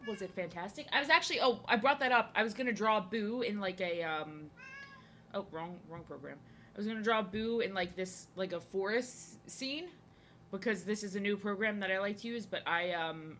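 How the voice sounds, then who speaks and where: A woman's voice: medium pitch, fairly bright tone, slight background noise. A young woman chatting casually to her live-stream viewers while she draws, often saying her lines twice. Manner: chatty, repeats herself, greets viewers. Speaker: art streamer.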